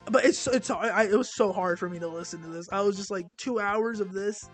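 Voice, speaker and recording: A man's voice: sits high, soft background music. Rambling young man ranking albums. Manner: rambling, halting, self-deprecating, many restarts. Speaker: music reviewer. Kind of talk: casual album ranking monologue.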